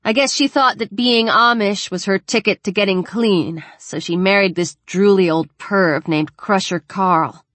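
A woman's voice: mid-range voice, measured pace, hardly any pauses, fairly bright tone, no room sound, pitched above the performer's own voice, close to an everyday voice. A woman reading an audiobook, voicing a blunt, chatty teenage girl who swears casually.

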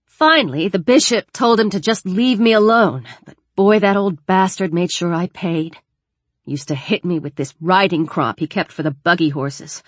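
A woman's voice: fairly low pitch, normal speed, no room sound, voice pushed up, natural voice. A woman reading an audiobook, voicing a blunt, chatty teenage girl who swears casually.

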